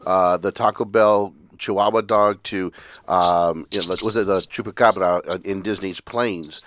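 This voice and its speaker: A man hosting a podcast, asking questions in a casual, halting way with plenty of fillers. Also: low-pitched, steady tone, a little hiss or hum. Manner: hesitant, filler-heavy questions. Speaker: podcast host.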